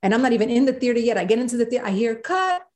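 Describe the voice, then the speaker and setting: A woman, a guest in an interview, telling a story with animated quoted voices. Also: a little high, rapid-fire. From South Bronx, New York. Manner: animated, acts out quotes of others.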